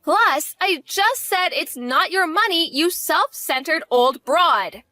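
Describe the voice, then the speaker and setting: A woman's voice: sits high, very animated, normal speed, pushed and bright, no room sound, full character voice. A woman voicing a blunt young wife who speaks in a cutting, direct way. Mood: cold.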